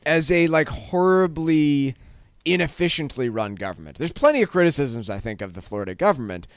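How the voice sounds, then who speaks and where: A male radio host at a studio mic, talking casually and with exasperation. His pitch swings widely as he rambles through restarts and fillers, and the sound is dry and close. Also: very animated, fairly quick, clear, resonant tone, no room sound. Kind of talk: casual on-air talk. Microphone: studio microphone.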